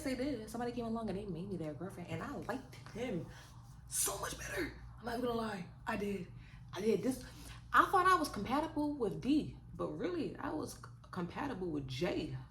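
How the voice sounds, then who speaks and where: A young woman vlogger telling a dating story in a casual, sassy, animated way, full of rhetorical questions. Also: mid-range voice. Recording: roomy echo with faint noise.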